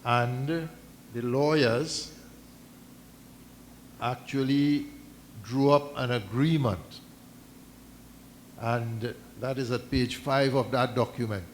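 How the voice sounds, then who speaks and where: A man speaking formally at a community meeting, measured and deliberate, stopping and restarting as he reads out a document. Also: medium pitch, fairly even intonation, slight background noise. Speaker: mosque community representative addressing a meeting. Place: islamic centre meeting hall.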